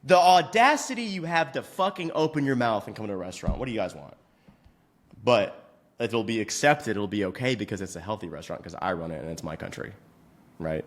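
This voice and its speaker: A man's voice: fairly low pitch, expressive, brisk. A male fitness coach in a profane, mock-outraged comedic rant, swearing constantly.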